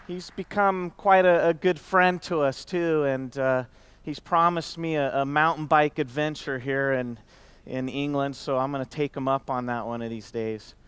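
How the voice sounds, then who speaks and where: A man's voice: mid-range voice, steady tone, normal speed, clean tone. A man giving a casual, heartfelt talk to an audience, rambling with fillers and restarts. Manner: warm conversational with many fillers and restarts. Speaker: company executive speaking at event. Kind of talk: casual heartfelt stage speech.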